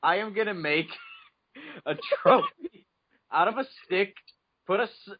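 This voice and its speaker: A man's voice: high voice, big pitch swings, measured pace. A man joking and laughing as co-host of a casual podcast chat. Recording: dull lo-fi audio with faint noise.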